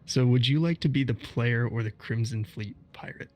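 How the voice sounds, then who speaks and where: A man's voice: medium pitch, normal speed, no echo. A man co-hosting a podcast, explaining game mechanics step by step in casual chat. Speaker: podcast co-host.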